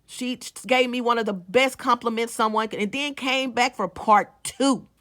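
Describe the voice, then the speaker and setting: A chatty woman tells her viewers a story in a casual vlog. Her voice sits a little high and sounds very bright. She restarts her sentences and keeps speaking straight to her audience. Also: moderate pace. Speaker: small-business owner and vlogger.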